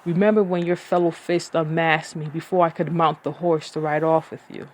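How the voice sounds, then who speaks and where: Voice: mid-range voice, level tone, normal speed, darkish tone, natural voice. A poetry reader voicing a defiant woman warrior pleading with her husband in an impassioned, declaiming poetry reading.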